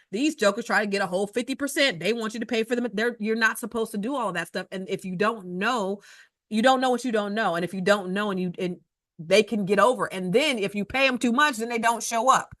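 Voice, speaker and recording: A woman talks through real estate advice in a chatty, emphatic way, stacking up repeated phrases and quick asides as she tells stories from her own deals. Her voice sits at an ordinary middle pitch. The sound is dry and close, with no room echo. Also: fairly bright tone. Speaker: real estate investor advising viewers. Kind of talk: advice talk with personal anecdotes.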